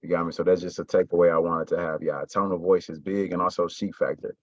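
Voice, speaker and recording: A man's voice: deep voice, flat delivery, fast talker, no echo, muffled recording. A man coaching his sales team in casual talk, stressing words and often checking in with "right?" and "you got me?".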